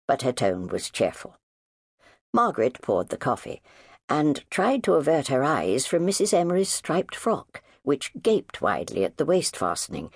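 A woman reading an audiobook as narrator, in scripted, expressive narration on a studio microphone. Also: extremely low pitch, moderate pace, gravelly, slightly rough, dry recording.

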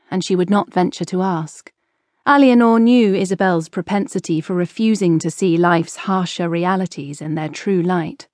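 A woman narrating a historical novel audiobook in a measured, expressive storytelling manner. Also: on the low side, no room sound, clean studio sound.

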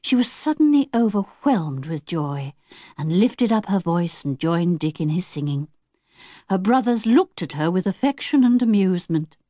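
A woman narrating a children's audiobook in a clear, expressive storytelling manner. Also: fairly low pitch, normal speed, dry recording, studio quality. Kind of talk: scripted narration.

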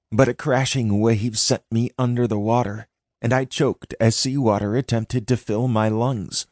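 A man's voice: mid-range voice, a little mellow, dry recording, studio quality. A man narrating a first-person audiobook in a dramatic, intense reading.

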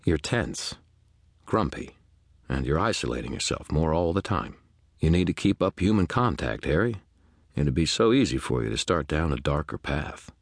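A man voicing a steady, earnest knight who presses his friend with calm, moralizing questions. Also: extremely low pitch, normal speed, no echo, studio quality, exaggerated voice. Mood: lecturing. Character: earnest, steady male knight, gently lecturing.

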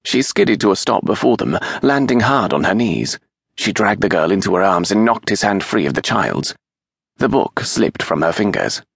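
A man reading a historical romance audiobook aloud in an expressive, measured storytelling manner, with a gravelly, husky voice on a close studio mic. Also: on the low side, no echo. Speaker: audiobook narrator. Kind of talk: scripted narration of a historical romance.

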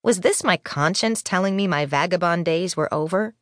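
Woman narrator, low register, measured first-person read, dry studio mic. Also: no room sound. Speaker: audiobook narrator. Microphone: studio microphone.

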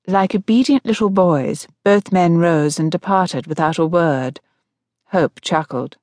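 A woman narrating a contemporary romance audiobook in a measured storytelling voice. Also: fairly low pitch, darkish tone, dry recording, clean studio sound. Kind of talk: scripted narration.

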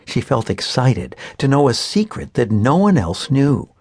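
A man reading a children's book aloud with expressive, animated storytelling. His pitch moves a lot, and the recording is dry and close with no room sound. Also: measured pace, no room sound. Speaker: audiobook narrator. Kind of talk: scripted narration of a children's book.

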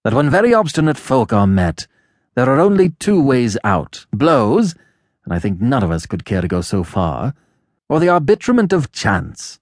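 A man voicing a scornful young nobleman who speaks low and slow, with a sneer. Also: very animated, a little mellow, no echo, studio quality, close to an everyday voice. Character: young nobleman, the mocking, malicious elder brother. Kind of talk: audiobook character voice.

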